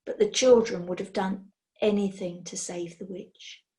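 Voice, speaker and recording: A woman reading a children's storybook aloud in an expressive way. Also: medium pitch. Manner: slow, expressive.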